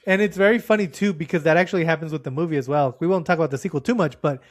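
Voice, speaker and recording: A man's voice: on the high side, very fast. A man co-hosting a casual movie podcast, recapping scenes in a rambling way with lots of "like" and fillers. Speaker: podcast co-host.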